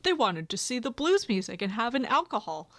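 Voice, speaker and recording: A woman co-hosting a podcast, asking soft, curious follow-up questions. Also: a little high, big pitch swings, fairly quick. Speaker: podcast co-host. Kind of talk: casual chat.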